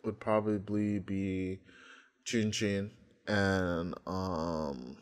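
A man's voice: low voice, fairly even intonation, extremely slow. A young man co-hosting a casual chat about music videos, explaining things in a loose, profane, laughing way. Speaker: podcast co-host.

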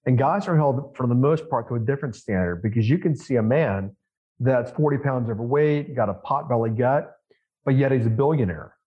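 A man's voice: mid-range voice, brisk. Emphatic man, dull lo-fi sound. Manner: emphatic, repeats phrases, rhetorical questions. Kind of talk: conversational podcast interview.

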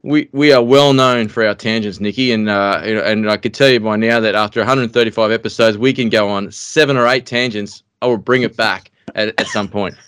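A man's voice: fairly low pitch, fairly even intonation, a little fast, hardly any pauses, a bit bright, smooth, dry recording, studio quality. An Australian man hosting a podcast interview, asking long rambling questions full of fillers. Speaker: podcast host. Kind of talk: casual interview.

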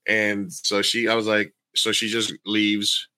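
Podcast co-host, male, bright and crisp, dry close sound, animated storyteller who curses a lot. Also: on the low side, unhurried, no room sound. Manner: animated storyteller, swears freely, acts out quoted people. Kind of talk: casual storytelling chat.

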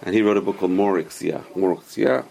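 Fast gravelly rabbi teaching a class. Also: male voice, low-pitched, animated, dark tone, a little hiss or hum. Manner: explains patiently with many examples and questions.

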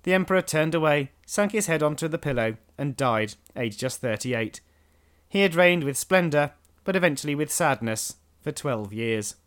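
A man, a podcast host narrating history in a measured storytelling manner with dry asides. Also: a little high, lively intonation, a bit bright.

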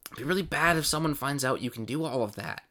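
A man's voice: mid-range voice, expressive, quick pace, sharp tone, voice pushed up. A man voicing an anxious, pleading companion. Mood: worried, pleading. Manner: urgent, pleading questions. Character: anxious cautious companion warning a friend.

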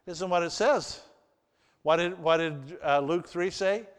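A man preaching a sermon as pastor, shifting between loud emphasis and hushed, earnest passages. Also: on the high side, a little slow, clear, resonant tone. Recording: long reverb of a large hall.

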